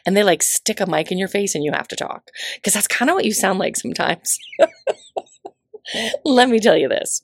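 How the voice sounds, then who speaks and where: Raspy, energetic woman podcast host. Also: mid-range voice, normal speed, long pauses, no room sound, clean studio sound. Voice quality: raspy, gravelly voice. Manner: energetic and effusive, playful asides, emphatic repetition. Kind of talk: upbeat motivational podcast monologue.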